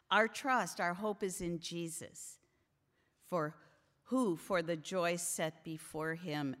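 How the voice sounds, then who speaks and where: A woman's voice: on the low side, fairly bright tone. A woman teaching a Bible study to a group of women, earnest and emphatic as she preaches. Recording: long hall reverb.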